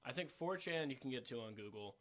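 A male comedian relaxing into a story as a podcast guest. His voice sits at an ordinary middle pitch, and he drops dry, deadpan asides as he goes. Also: fast. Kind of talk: casual comedy podcast chat.

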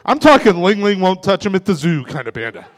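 A man in his forties doing a stand-up comedy set on a club stage, delivering self-mocking punchlines in a deadpan way. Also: high voice, fairly quick. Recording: reverberant club room.

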